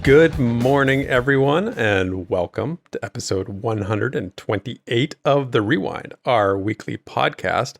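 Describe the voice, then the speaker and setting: Low-pitched male podcast co-host, morning voice, upbeat and laughing, chatting over a call. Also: creaky. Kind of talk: casual podcast chat. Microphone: remote call.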